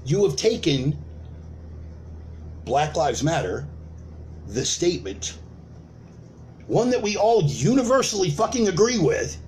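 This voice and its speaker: A man preaches a heated rant, swearing freely and hammering points with repetition and rhetorical questions. His fairly high voice swings widely in pitch from punchy peaks to low, grim asides. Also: very animated, measured pace, pauses often, a little mellow, a little hiss or hum. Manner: profane, emphatic, uses repetition and rhetorical questions. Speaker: preacher of an online sermon. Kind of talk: ranting sermon.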